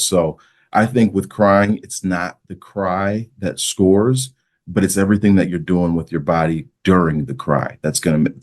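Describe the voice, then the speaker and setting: A man, a mock trial coach, speaking as a podcast guest and giving earnest, practical coaching advice. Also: low voice. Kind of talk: casual podcast interview.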